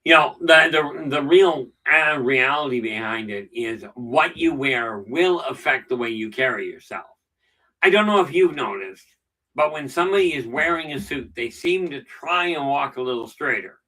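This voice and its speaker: A man's voice: mid-range voice, animated, moderate pace, pushed and bright, recorded from a distance, poor audio. A middle-aged man hosting a casual live stream, telling stories with dry jokes. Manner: chatty storyteller with dry jokes. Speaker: channel host.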